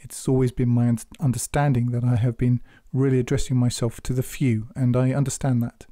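Man explaining scripture slow and earnest, super warm low tone, no room sound. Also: little pitch movement, no echo, clean studio sound. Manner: measured, deliberate, earnest exhortation. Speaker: Quran commentator. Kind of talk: spoken scripture commentary.

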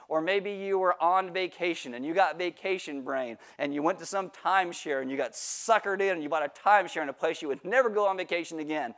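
High-voiced man preaching with humor. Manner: joking, self-mocking storyteller. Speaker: pastor. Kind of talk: sermon with humorous personal story. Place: church livestream.

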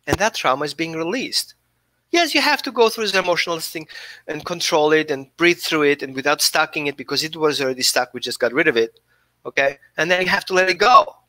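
A man with a higher-than-usual voice speaks earnestly as a dog behaviorist, coaching his listeners. His tone is bright and forceful, and the recording is dry and close. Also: a little fast, dry recording. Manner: earnest, coaching, repeats himself. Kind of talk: live Q&A talk.

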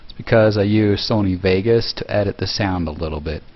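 A man casually talking through a tutorial step by step, relaxed, with fillers and self-corrections. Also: lowish voice, a little fast, lo-fi sound. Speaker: video tutorial host. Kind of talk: casual screen-recorded tutorial.

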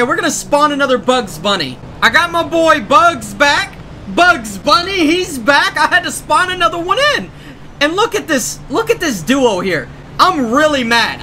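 High, excitable young man gaming. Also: slight background noise. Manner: excitable, shouts and laughs often. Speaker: gaming YouTuber. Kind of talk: gameplay commentary.

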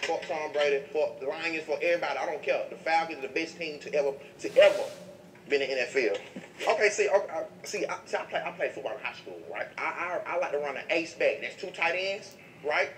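A man being interviewed, telling comedic stories in an animated, profane way and laughing through them. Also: a little high, quick pace, echoey room, far from the mic, a little hiss or hum. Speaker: interview guest. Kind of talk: comedic street interview storytelling.

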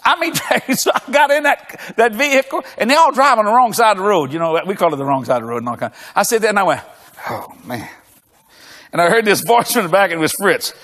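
An older man preaches in a high, swooping voice that jumps all over the place, acting out his stories and laughing through them. His voice rings out with a long echo through a big church hall. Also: sing-song, fast, hardly any pauses, fairly bright tone. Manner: storytelling with acted dialogue and frequent laughter. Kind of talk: animated comedic sermon. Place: large church auditorium.

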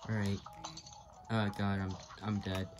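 A woman's voice: rumbling low, flat delivery, unhurried, background noise. A woman rambling through casual gameplay commentary, muttering and poking fun at herself, swearing when she fails. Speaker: gamer. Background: game music.

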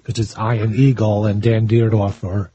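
Mellow, husky man on a radio show. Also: fairly low pitch, level tone, measured pace, low-quality recording. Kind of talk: casual radio talk.

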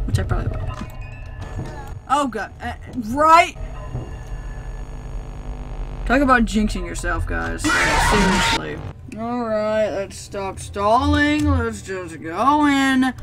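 Woman yelling thru a scary game on a desk mic, talks slow and sarcastic, quiet music behind. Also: on the high side, animated. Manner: screams and shrieks at jump scares. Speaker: gaming channel host. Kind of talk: horror game commentary. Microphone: desk microphone.

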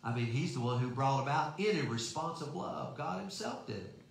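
A man's voice: mid-range voice, expressive, a little fast, creaky. A man preaching a sermon in a folksy, emphatic way, asking rhetorical questions. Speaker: pastor. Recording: very echoey room.

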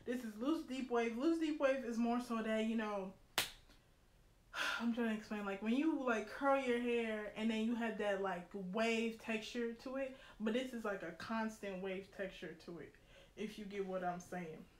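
A young woman vlogger chatting excitedly to her viewers, slangy, and quick to laugh. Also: fairly high pitch. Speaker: beauty vlogger. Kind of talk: casual unboxing chat to viewers. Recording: roomy echo, faint noise.

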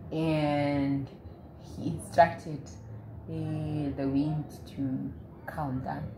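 Woman leading bible study, acts out the voices, low-ish, roomy echo, bit of background hum. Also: extremely slow. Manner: lively storytelling, acts out quoted voices. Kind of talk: casual Bible study retelling. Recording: echoey room, faint ambience.

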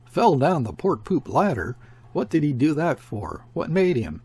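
A man voicing a gruff, uneasy ship captain who speaks sharply and growls his orders. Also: a little high, sing-song, unhurried, a little mellow, no echo, voice pushed up, full character voice.

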